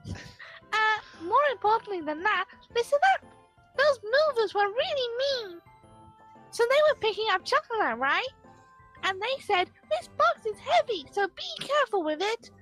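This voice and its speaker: A woman voicing an excitable young cat girl from a video game who speaks of herself in the third person and meows. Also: extremely high pitch, a little slow, soft background music, full character voice. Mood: indignant.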